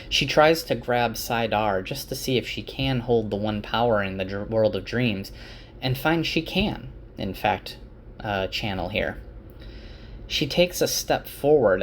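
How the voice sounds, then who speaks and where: A man casually summarizing book chapters, relaxed and conversational with filler words. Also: on the low side, a little hiss or hum. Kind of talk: casual chapter summary with read-aloud passages.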